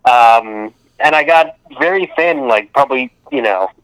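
A man's voice: mid-range voice, expressive, measured pace, a bit bright, clear, resonant tone, dry recording, poor audio. A man in his thirties telling rambling stories in casual chat, full of fillers and laughs.

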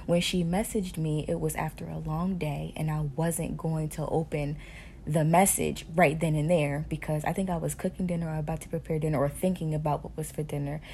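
A woman hosting a podcast, telling a personal faith story to her listeners in an animated way with hushed asides. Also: deep voice, a little fast, creaky, a little hiss or hum. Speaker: podcast host sharing motherhood stories.

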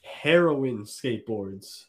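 A man's voice: mid-range voice, lively intonation, slow pace, fairly bright tone, breathy edge. A young man co-hosting a podcast, laid-back and teasing in casual chat. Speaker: podcast co-host.

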